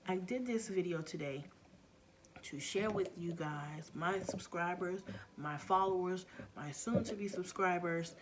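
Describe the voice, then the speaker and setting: A middle-aged woman vlogger telling a story in a casual, earnest way, often dropping to a near-whisper. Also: on the low side.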